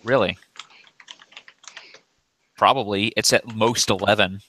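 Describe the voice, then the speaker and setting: A man chatting casually on a podcast, lively, laughing often and throwing in quick asides. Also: lowish voice, a little hiss or hum.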